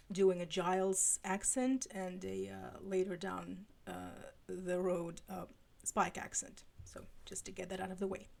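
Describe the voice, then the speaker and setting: A woman's voice: fairly low pitch, vocal fry, a little mellow. A woman reading fan fiction aloud on a live stream, with casual apologetic asides. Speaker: live-stream fanfiction reader.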